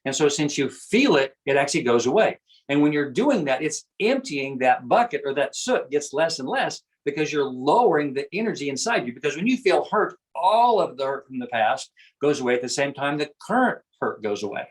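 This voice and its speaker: Brisk and very animated, a man with a slightly high voice comes through poor audio. He is a guest discussing self-awareness, talking his ideas through earnestly and conversationally, and he tends to say the same phrases again and again.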